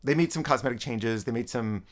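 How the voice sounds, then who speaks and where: Young adult man vlogging about games, mid-pitched voice, loose and rambling delivery. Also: brisk. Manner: rambling, self-correcting, frequent restarts. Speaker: gaming vlogger. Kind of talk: casual gaming commentary.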